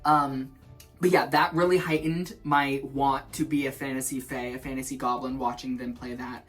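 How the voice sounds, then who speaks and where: A man's voice: mid-range voice, moderate pace, soft background music. Giggly rambling young man in the shower. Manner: animated, giggly and self-mocking. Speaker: vlog host. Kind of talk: rambling stream-of-consciousness chat. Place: in the shower at home.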